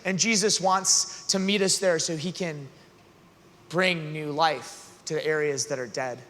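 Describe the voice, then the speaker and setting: Guy giving a youth talk, high bright voice, talks casual then gets big and loud, big echoey arena. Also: a little slow. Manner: earnest, conversational, builds to loud emphatic passages. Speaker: youth conference speaker. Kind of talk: energetic youth talk in a large hall. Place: large arena hall. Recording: long hall reverb.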